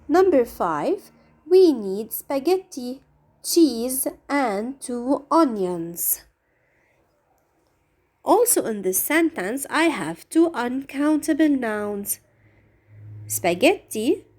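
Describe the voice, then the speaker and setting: A woman's voice: high-pitched, darkish tone. A woman teaching an English grammar lesson, walking through exercises step by step with patient questions.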